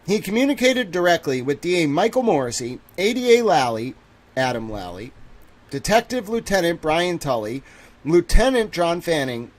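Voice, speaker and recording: A man in his thirties hosting a casual livestream, reading a legal document aloud and breaking off to joke and ramble. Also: mid-range voice. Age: 30s. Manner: rambling, joking, reads a document aloud and interjects. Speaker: livestream host.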